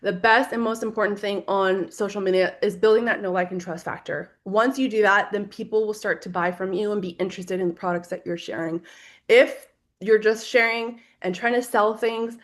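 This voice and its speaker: A woman's voice: medium pitch, fairly even intonation, moderate pace. A woman giving an online social media training over a video call, talking in a casual, chatty way with plenty of filler words.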